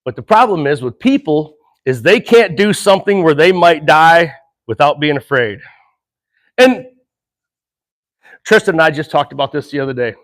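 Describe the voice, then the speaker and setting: Here's a middle-aged horse trainer narrating as he goes, eager and sincere, with chuckles between thoughts and slower, calming breaths. His pitch is fairly high, and it's a casual training demonstration.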